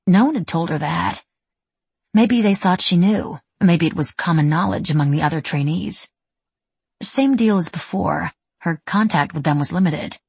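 A woman reads a novel aloud in a low, husky voice. Her delivery is measured and wry, and the close mic gives a very dry, intimate sound. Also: a little mellow, no echo. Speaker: audiobook narrator. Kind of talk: scripted narration.

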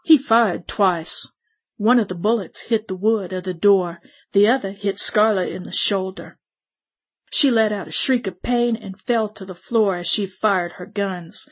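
A woman reading a western story aloud in the first person, with measured, steady storytelling. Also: mid-range voice, breathy edge. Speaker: audiobook narrator. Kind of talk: scripted first-person narration.

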